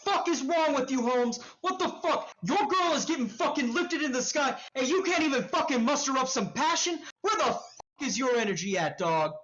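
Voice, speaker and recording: A woman's voice: fairly low pitch, very animated, unhurried, lo-fi sound. A woman voicing a brash, aggressive young street tough who swears constantly and picks fights. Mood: scornful. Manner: profane, swaggering, confrontational.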